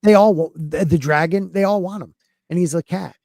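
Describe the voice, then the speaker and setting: The high, creaky voice of this man has a darkish tone and a fairly quick pace. As a podcast co-host he chats loosely about anime, rambling and frequently restarting.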